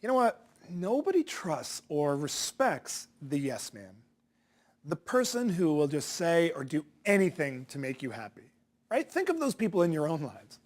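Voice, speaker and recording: A man's voice: fairly high pitch, big pitch swings, moderate pace. A man coaching salespeople in a direct-to-camera lesson, punchy and challenging, asking rhetorical questions.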